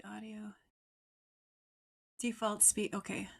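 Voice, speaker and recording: A woman hosting a casual livestream interview show, chatty and bubbly and quick to laugh. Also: medium pitch, a bit bright. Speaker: host.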